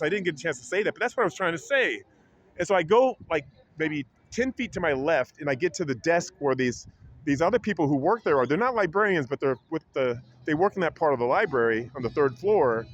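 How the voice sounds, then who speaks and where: A man's voice: lively intonation, a little fast, slight background noise. Rambling man retelling a run-in. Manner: rambling with many restarts, acts out quotes in a higher voice. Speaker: vlogger. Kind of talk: casual retelling of an incident. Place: public library.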